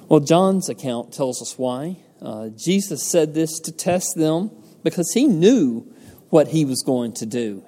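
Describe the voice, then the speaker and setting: A man delivers a sermon at an unhurried pace, his voice mellow and warm. He preaches earnestly, putting rhetorical questions to his listeners and answering them himself. His words ring with the long reverb of a large hall. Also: mid-range voice. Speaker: pastor.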